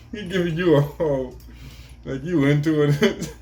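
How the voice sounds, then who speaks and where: A man's voice: fairly high pitch, noisy background. A man casually commenting on a clip for a reaction video, laid-back and slangy.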